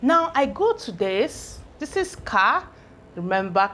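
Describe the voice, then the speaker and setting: A woman with a fairly high, fairly bright voice and big swings in pitch teaches English spelling at a board. She sounds out each syllable slowly, dragging out the pieces, and asks her learners whether they follow.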